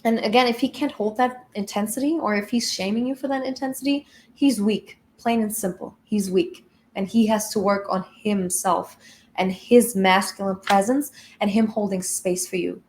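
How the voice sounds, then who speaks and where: A woman's voice: medium pitch, normal speed, darkish tone, a little hiss or hum. A woman spiritual coach giving an emphatic, blunt motivational talk with casual swearing.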